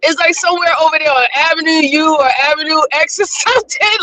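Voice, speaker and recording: Exasperated New York woman, bright voice. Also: sits high, brisk, few pauses, low-quality recording. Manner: exasperated, profane ranting. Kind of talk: casual reaction chat.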